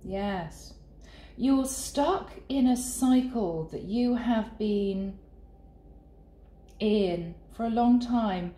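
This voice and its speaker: A woman giving a channeled tarot reading in an earnest, soft and sometimes emotional way. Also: mid-range voice, extremely slow. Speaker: tarot reader. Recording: echoey room with faint ambience.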